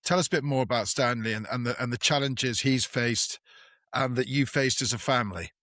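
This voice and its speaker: A man hosting a golf podcast, asking his guest gentle, unhurried questions. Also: medium pitch, no room sound, clean studio sound. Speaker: podcast host. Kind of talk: interview questions.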